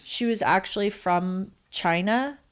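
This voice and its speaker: A woman's voice: medium pitch, unhurried, clean tone. A woman in her thirties, a podcast guest talking casually with many fillers and frequent laughs. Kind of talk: casual interview chat.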